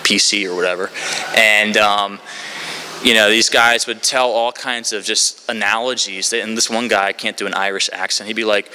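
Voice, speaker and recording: A man's voice: fairly low pitch, fairly even intonation, normal speed, bright, forceful tone, clear, resonant tone. A man speaking at a recovery meeting, sharing his story in a candid, rambling way with many fillers. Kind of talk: candid personal share.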